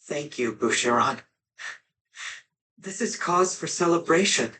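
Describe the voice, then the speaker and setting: An actor voicing a kind, composed young male hero in a video game, speaking softly and sincerely. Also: fairly high pitch, lively intonation, measured pace, a little hiss or hum, low-quality recording.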